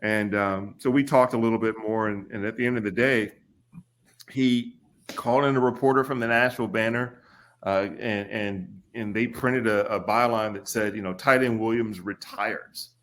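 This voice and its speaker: A man's voice: fairly low pitch, moderate pace. Middle-aged kentucky guy on a podcast, telling stories, does the voices of people he quotes. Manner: animated, acts out quotes with raised voice. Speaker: podcast guest. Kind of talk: casual storytelling.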